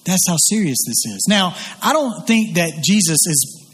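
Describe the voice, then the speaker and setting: A man's voice: high-pitched, animated, moderate pace, a bit bright, breathy edge, big-room sound. A man preaching a sermon as pastor, earnest and emphatic, often restarting his sentences.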